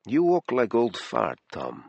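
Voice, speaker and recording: A male narrator puts on a fond, teasing woman in her thirties with a light Eastern European accent. She talks bluntly, dropping small words. The voice is husky and close, with no room sound, as in a storybook audiobook. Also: mid-range voice, huge pitch swings, slow pace, a little mellow, no echo, exaggerated voice. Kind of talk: audiobook character voice.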